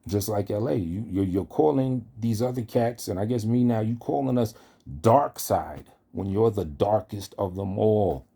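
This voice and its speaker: Speaking at a measured pace in a low, gravelly, husky voice with a warm tone, this online commentator goes after someone in a heated, profane rant, confronting them face to face.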